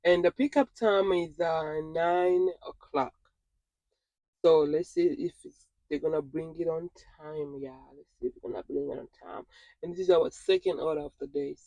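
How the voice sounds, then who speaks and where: A delivery driver vlogging through a work shift, chatting to viewers and repeating phrases with excitement. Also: medium pitch, moderate pace, dry recording. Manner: excitable, repeats phrases, keeps saying "you guys". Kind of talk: casual vlog talking to viewers.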